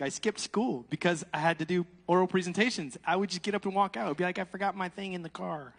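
Animated preacher in a reverberant hall. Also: male voice, high voice, breathy edge. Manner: animated, laughing, swinging from loud to hushed. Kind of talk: sermon.

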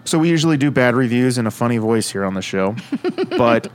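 A man's voice: mid-range voice, expressive, brisk. Playful man hosting a podcast. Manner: playful, joking. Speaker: podcast host. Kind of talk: casual chat.

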